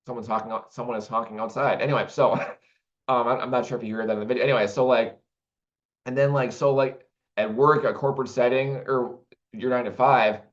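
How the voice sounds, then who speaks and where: A man's voice: medium pitch, steady tone, brisk. Rambling man on a dull, lo-fi recording. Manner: rambling, with many restarts and fillers. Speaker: vlogger. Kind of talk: casual monologue to camera.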